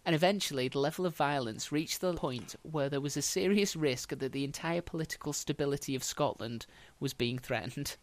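A man's voice: on the high side, fairly quick, hardly any pauses. A man hosting a podcast, telling history as a casual story with dry, wry humour.

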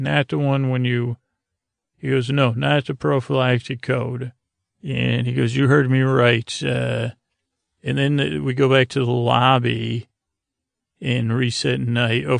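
A man hosting a podcast, casually recapping a TV episode in a rambling, low-key way full of "uh" and "he goes". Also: vocal fry, no room sound, clean studio sound.

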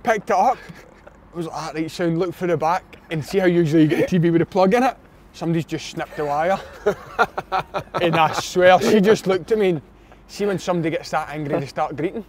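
Scottish man telling a lively story. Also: on the high side, brisk, a crowd in the background. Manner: animated anecdote teller, lots of quoted dialogue. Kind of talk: casual storytelling chat.

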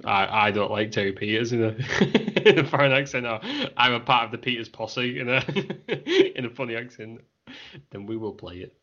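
A man's voice: mid-range voice, expressive, moderate pace, fairly bright tone, lo-fi sound. A man hosting a podcast, rambling and laughing often, a little tipsy. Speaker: podcast host. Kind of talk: casual chat.

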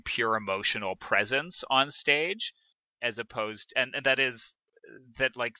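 Bright, hesitant man on a podcast. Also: on the low side, no room sound. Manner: hesitant, many restarts and fillers. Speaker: podcast co-host. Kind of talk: casual theatre discussion. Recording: dull dry lo-fi sound.

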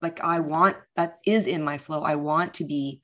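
Emotional, halting woman, low voice. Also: fairly even intonation, a bit bright. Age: middle-aged. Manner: emotional, halting, many fillers and restarts. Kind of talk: casual conversation.

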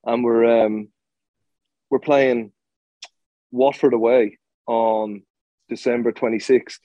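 A man's voice: mid-range voice, little pitch movement, slow, mellow, dry recording, highs cut off. A man who played professional football, telling a story in an interview, blunt and swearing freely, with lots of restarts.

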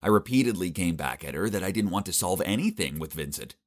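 A young man narrates a first-person story with dramatic, comic flair. His voice sits on the low side, yet his pitch leaps and dips all over as he plays up each moment. He tells it like an animated storybook. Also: fast. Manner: expressive, dramatic comic delivery.

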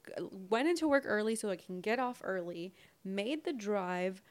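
A woman's voice: mid-range voice, expressive, normal speed. A young woman co-hosting a podcast, chatting casually and acting out both sides of a conversation as she tells a story. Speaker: podcast co-host. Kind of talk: casual chat.

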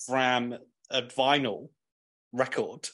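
A man's voice: medium pitch, fairly even intonation, slow pace, pushed and bright. Blunt, ranting man. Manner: blunt, swears freely, ranting. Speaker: guest, clothing brand owner. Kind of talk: casual podcast chat.

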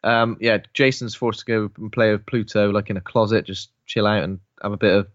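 A man's voice: on the low side, level tone, fairly quick, dry recording, lo-fi sound. A man co-hosting a casual film review podcast, chattily retelling a plot with asides. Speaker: podcast co-host.

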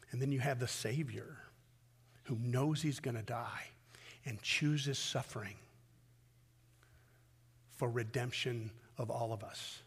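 A man preaching a sermon as pastor, swinging from loud emphatic peaks down to low, intimate pleading. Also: a little slow, long pauses, breathy edge, in a large hall. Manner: impassioned, rising to loud peaks then dropping low and intimate.

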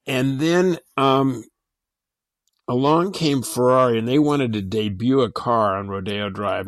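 Older guy talking about the old days, relaxed, dry close mic. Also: mid-range voice, dry recording. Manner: relaxed, with restarts and fillers. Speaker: interview guest. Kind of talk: casual recollection.

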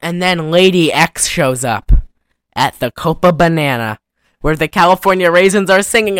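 A woman's voice: moderate pace, clear, resonant tone, no echo, studio quality. A young woman co-hosting a podcast, recapping a movie in a rambling, giggly chat. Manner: rambling, giggly, sings snatches in falsetto. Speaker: podcast co-host.

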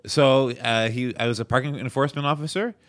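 A man from Montreal hosting a podcast, chatting casually and swearing freely. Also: mid-range voice. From Montreal, Canada. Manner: laid-back, swears casually, quick reactions. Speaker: podcast host. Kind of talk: casual chat.

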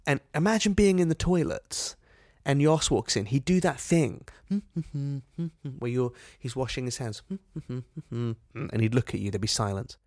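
A man's voice: mid-range voice, normal speed, hardly any pauses, a little mellow, no room sound. A playful man co-hosting a comedy chat show, bouncing between stories and goofy impressions. His voice sits in an ordinary middle register, recorded close and dry with no room sound. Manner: playful, breaks into silly voices and sound effects. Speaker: podcast co-host.

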